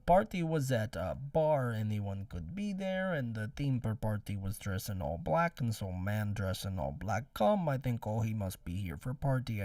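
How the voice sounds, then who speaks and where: A man's voice: fairly low pitch, darkish tone, no room sound, clean studio sound, distant mic. A man putting on a thick Russian accent and telling a story in broken English. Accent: put-on Russian.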